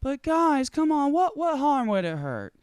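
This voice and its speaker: A host voicing a pleading, earnest, stoned male genius in a high, whiny tone. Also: very animated, a little slow, darkish tone, dry recording, clean studio sound. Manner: whiny, begging.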